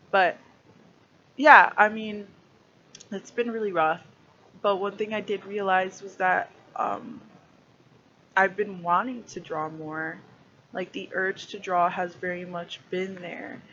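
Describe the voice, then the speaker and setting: A woman's voice: mid-range voice, fairly bright tone, dull audio. A young woman chatting loosely in a voiceover while she draws, rambling with lots of fillers. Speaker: art channel creator. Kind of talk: casual chat voiceover while drawing.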